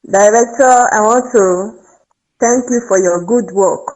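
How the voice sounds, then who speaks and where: A woman's voice: mid-range voice, slow, darkish tone. Lady phoning into a radio show, earnest and thankful, muffled line. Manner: grateful and earnest. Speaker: caller. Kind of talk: phone call to a radio show. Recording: dull, muffled phone line.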